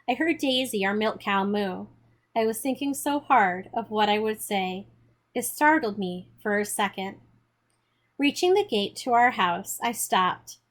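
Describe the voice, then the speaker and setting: A woman reading a children's novel aloud in a steady, measured storytelling manner. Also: a little high. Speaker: audiobook reader.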